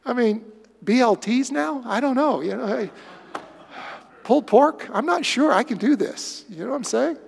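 A man's voice: very high-pitched, expressive, moderate pace, creaky, slightly rough, exaggerated voice. A male preacher voicing the apostle Peter as a stubborn grown man who protests and then grows bewildered. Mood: baffled. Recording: echoey hall.

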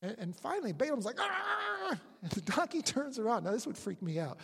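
A preacher delivers a sermon as lively storytelling, the pitch leaping around as they act out characters. The voice has a breathy, husky edge. It is captured with long reverb, as if in a large church hall. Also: quick pace. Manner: storytelling, animated retelling with acted-out quotes.

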